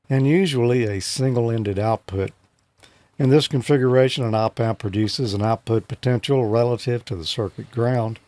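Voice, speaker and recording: A man with a mid-range voice explains electronics with clear enthusiasm. His delivery moves between easy banter and steady, methodical teaching. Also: medium pitch. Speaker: co-host teaching radio exam material. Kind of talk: casual chat and technical explanation.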